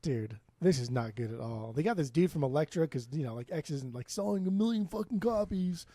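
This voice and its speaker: A man's voice: fairly high pitch, animated, brisk, dark tone, no echo. A man co-hosting a podcast in casual chat, rambling, swearing freely and restarting his sentences. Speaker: podcast co-host. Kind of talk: casual chat about music.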